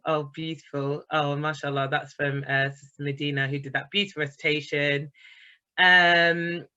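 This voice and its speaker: A woman's voice: low-pitched, sharp tone, muffled recording. A woman speaking to an online book club over a video call, chatty and enthusiastic. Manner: enthusiastic, chatty, reads out comments. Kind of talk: online talk to a group.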